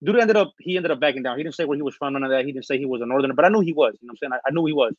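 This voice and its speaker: A man from Northern California telling his story in a casual interview, rambling with fillers and restarts, recovering from being sick and clearing his throat. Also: medium pitch, very fast, dry recording. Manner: rambling, many fillers and restarts, street slang. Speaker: interview guest. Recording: dull, lo-fi dry recording.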